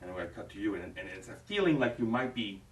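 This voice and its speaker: Directing an audition, this man rambles through a scene explanation for an actress, restarting again and again and performing lines himself. His voice sits on the low side, swings widely in pitch, and moves fast, captured from a distance in a roomy space.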